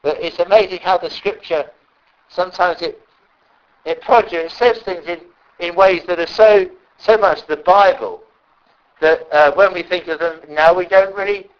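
Halting high-voiced preacher, lo-fi. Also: male voice. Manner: halting, repeats words, emphatic. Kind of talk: sermon. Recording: dull lo-fi recording.

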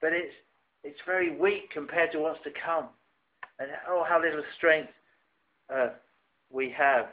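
Male preacher, sermon, halting restarts, slightly high voice. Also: steady tone. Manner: halting, many restarts, rising emphatic phrases. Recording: tinny phone-like recording.

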